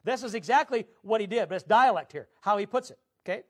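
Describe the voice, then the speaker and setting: A man preaching a sermon, emphatic, drawing out scripture quotes slowly and swinging his pitch up and down. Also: animated, a bit bright. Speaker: pastor.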